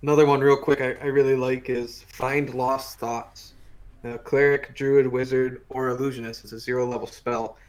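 A man co-hosting a podcast, explaining game rules in a relaxed way with the odd dry joke. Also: medium pitch, moderate pace. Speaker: podcast co-host. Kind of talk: casual chat reviewing a game book.

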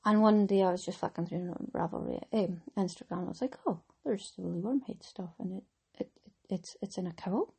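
Middle-aged Scottish woman, husky podcast host, chatty and rambling. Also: medium pitch, brisk, darkish tone. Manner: chatty, rambling, laughs often. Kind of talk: casual chat.

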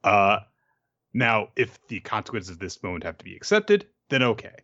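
Casting Male podcast co-host, lowish bright voice, dryly sarcastic critic, dull lo-fi mic. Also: very animated, moderate pace. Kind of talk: casual chat.

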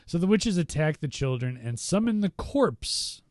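A man co-hosting a casual podcast, recapping a movie as an animated storyteller who acts out quotes. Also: fairly high pitch, a little slow, no echo, clean studio sound. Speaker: podcast co-host.

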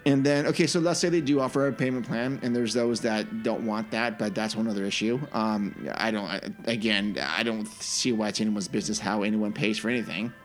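A man co-hosting a casual theme-park podcast, talking in an animated, opinionated way with frequent restarts. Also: on the low side, a little fast, few pauses, faint music behind. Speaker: podcast co-host. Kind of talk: casual chat.

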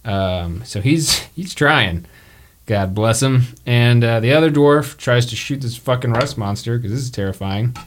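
A man runs a tabletop game as game master. His voice is lively in pitch. He narrates in a loose, joking way, with lots of fillers.

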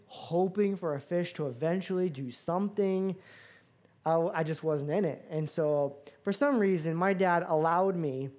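A man from Florida, a pastor, preaching a sermon with animated, self-mocking storytelling. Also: high voice. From Florida, USA.

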